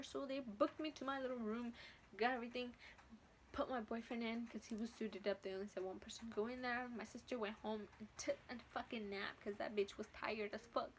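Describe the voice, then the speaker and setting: A woman's voice: fairly high pitch, a little hiss or hum. A teenage woman vlogger telling a casual story from home, blunt and profane with lots of slang. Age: teens.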